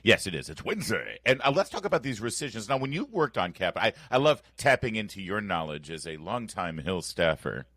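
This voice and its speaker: A man's voice: on the low side, sing-song, fairly quick, hardly any pauses, a bit bright, no echo, studio quality. A man hosting a morning talk radio show, emphatic and playfully sarcastic as he runs through the lineup and banters with his co-host. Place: radio studio. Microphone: studio microphone.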